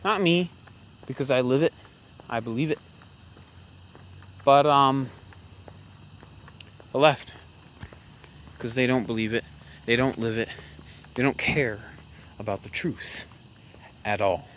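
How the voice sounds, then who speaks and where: Casual political commentary comes from a man vlogging with a handheld camera as he moves around outdoors in the countryside at dusk, rambling and sarcastic, with lots of fillers and restarts. He has a mid-range, fairly bright voice and speaks slowly with frequent pauses. Slight background noise is audible.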